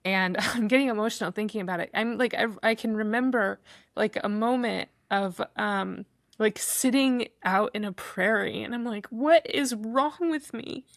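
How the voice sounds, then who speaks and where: A woman guest on a podcast, speaking haltingly with restarts and small laughs. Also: mid-range voice, gravelly, dry recording, studio quality. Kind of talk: casual conversation.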